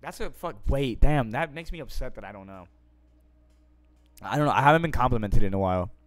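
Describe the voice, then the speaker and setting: On a live stream, a young man with a mid-range voice reads viewer questions aloud and chats casually at a brisk pace. His slangy, profane delivery jumps between mumbles and loud, excited bursts, and the recording is dry.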